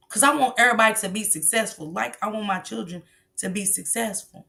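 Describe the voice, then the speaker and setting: A woman's voice: a little high, quick pace, pushed and bright. A middle-aged woman hosting a livestream, lecturing bluntly and profanely about parenting in a casual, preachy way. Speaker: livestream host.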